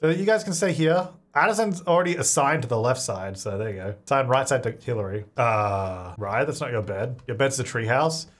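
A young man giving chatty let's play commentary, talking aloud to his game and breaking into exasperated yelling. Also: medium pitch, a little fast, hardly any pauses. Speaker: gaming video creator.

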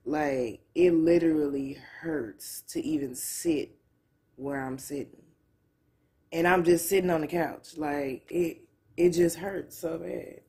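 Woman, low voice, slow drawl, in pain, candid vlog chat. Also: steady tone, dark tone. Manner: candid, loose, profane, drawling. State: in pain, near tears. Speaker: vlogger. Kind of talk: casual vlog talk to camera. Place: at home on a couch.

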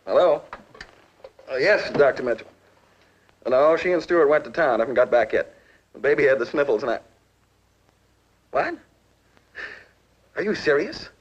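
A man playing a flustered, hurried household helper taking a phone call in a 1950s film. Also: mid-range voice, expressive, close to an everyday voice. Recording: muffled hissy old film soundtrack.

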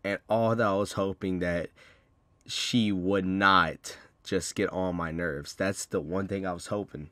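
A young man telling a rambling storytime vlog, swearing freely and getting loud and heated as he retells an argument. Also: deep voice, fairly even intonation, a little slow, dry recording. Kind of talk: casual storytime monologue.

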